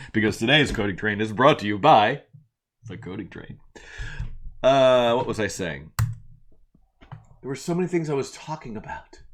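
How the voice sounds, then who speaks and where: A man's voice: medium pitch, a little hiss or hum. A man hosting a casual live stream from a home attic studio, rambling and self-deprecating, laughing often between thoughts. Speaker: live-stream coding host.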